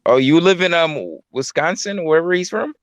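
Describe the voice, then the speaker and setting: A man's voice: fairly high pitch, lively intonation, normal speed, clear, resonant tone, dry recording. A man calling into a livestream, laid-back and joking, who often repeats himself. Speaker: caller. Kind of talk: casual call-in banter.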